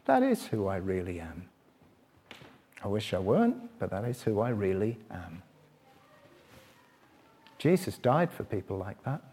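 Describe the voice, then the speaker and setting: A middle-aged man preaching a sermon, asking his listeners direct questions and swinging between loud, quick passages and quiet, slow reflection. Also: fairly low pitch, very animated, slight background noise. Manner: rises loud and fast when stirred, drops quiet and slow to reflect.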